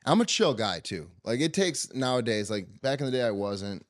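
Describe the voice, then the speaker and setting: A man tells a story on a podcast, animated and quick to act out what everyone said. His voice sits at an ordinary pitch, recorded dry and close with no room sound. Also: dry recording. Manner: animated, swearing, acts out quotes. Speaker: podcast host. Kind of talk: casual storytelling chat.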